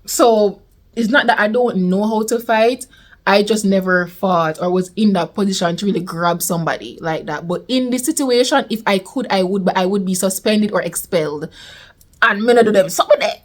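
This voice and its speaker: A young woman with a Jamaican accent telling a storytime vlog in a lively way, slipping into patois. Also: mid-range voice, normal speed. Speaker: vlogger. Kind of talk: casual storytime.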